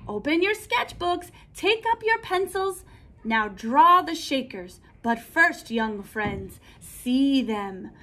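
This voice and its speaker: A woman reading aloud from a storybook, voicing a tall, graceful female art teacher who gives emphatic, lively instructions. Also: high voice, takes it slowly, exaggerated voice. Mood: passionate.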